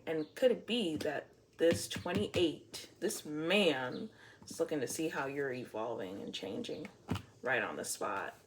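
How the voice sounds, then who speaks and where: A woman's voice: deep voice, moderate pace, a bit bright, a little hiss or hum. A woman giving a casual tarot reading to camera, playful and blunt, swearing freely and laughing often. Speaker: tarot reader.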